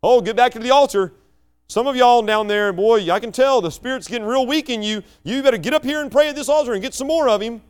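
A man's voice: extremely high pitch, quick pace, clear, resonant tone, pitched above the performer's own voice. A preacher mimicking a fiery altar-call revivalist man. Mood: urgent. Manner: loud, urgent, pressing.

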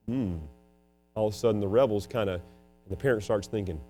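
A preacher who also teaches school, delivering a dramatic sermon, swinging between loud emphasis and hushed asides. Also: male voice, fairly low pitch, brisk, faint music behind.

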